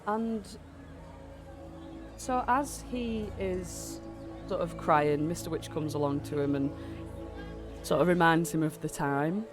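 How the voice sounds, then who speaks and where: A man's voice: fairly high pitch, slow, pauses often, music in the background. A man narrating as game master of a tabletop game, rambling with lots of fillers while he has a cold.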